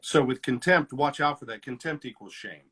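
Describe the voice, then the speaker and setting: A man's voice: mid-range voice, normal speed, background noise. A middle-aged man, a counselor, explaining relationship patterns in conversation and acting out the lines people say in a fight. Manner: animated, acts out quoted lines with shifts in loudness. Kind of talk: teaching conversation.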